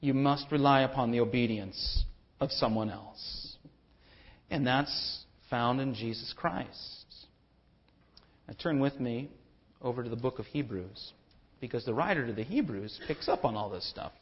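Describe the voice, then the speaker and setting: A man's voice: medium pitch, measured pace, muffled recording. A man preaching a sermon as pastor, building to emphatic rhetorical questions.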